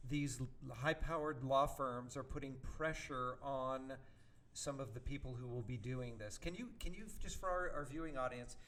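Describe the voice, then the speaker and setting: A man with a mid-pitched voice hosts a talk radio show. He puts direct, probing questions to his guest and pushes for specifics. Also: moderate pace, fairly bright tone, slight background noise. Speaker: host.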